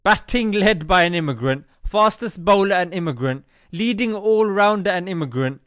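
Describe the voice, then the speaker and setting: A man hosts a comedy commentary in a bright, high voice that leaps up and down. He is cheeky and jokey, slipping in "mate" as he goes. The sound is close and dry. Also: animated, normal speed, no echo. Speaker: comedy host.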